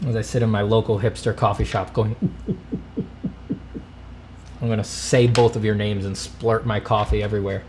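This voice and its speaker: A man's voice: fairly low pitch, little pitch movement, fast talker, hardly any pauses, noisy background. A man hosting a casual livestream, answering viewer questions and thanking donors with dry, self-mocking humor. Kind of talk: casual livestream chat, reading donations.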